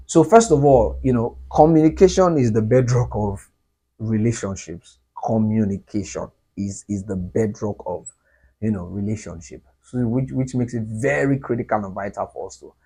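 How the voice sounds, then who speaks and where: A man's voice: on the low side, dark tone, slightly rough. A male pastor answering audience questions in an earnest, repetitive teaching style, laughing now and then. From Nigeria.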